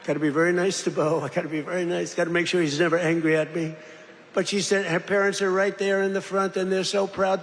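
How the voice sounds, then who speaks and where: A man's voice: sits high, steady tone, fast talker, gravelly, a little hiss or hum. An older man giving a rambling, boastful political speech with mocking asides, in a large industrial hall. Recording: echoey hall, faint crowd ambience.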